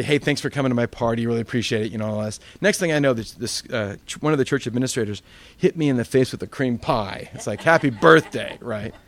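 A man with a medium-pitched voice, recorded with no echo, preaches as a pastor. His storytelling sermon is animated, full of funny stories where he acts out the voices of the people in them.

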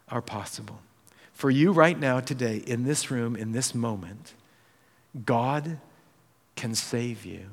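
Dramatic man preaching in a big hall. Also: medium pitch. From United States. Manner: dramatic, acts out quoted voices, swings between loud and hushed. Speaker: pastor. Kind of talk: sermon.

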